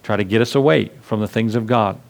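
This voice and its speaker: A man's voice: fairly low pitch, brisk, vocal fry. A man preaching a sermon to his congregation in a conversational way, acting out little scenes with asides. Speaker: pastor.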